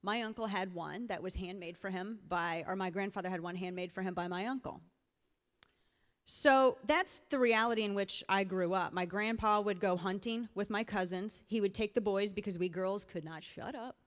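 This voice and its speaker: A woman's voice: mid-range voice, moderate pace. A middle-aged woman from the Missouri Ozarks giving an emphatic, storytelling speech at a political rally in a large event hall. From rural Missouri Ozarks. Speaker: political speaker. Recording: live hall with long reverb.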